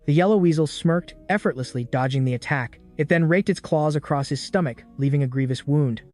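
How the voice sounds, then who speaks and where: A man narrating a story recap in a brisk, dramatic scripted style. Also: a little high, a little mellow. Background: faint background music.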